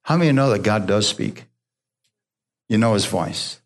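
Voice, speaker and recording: A pastor preaching a sermon, drawing amens from the congregation and dropping to a soft, low voice when he quotes God. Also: lively intonation, moderate pace, gravelly. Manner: call-and-response preaching, asking the congregation for amens; drops low and soft for God's voice, rises for emphasis.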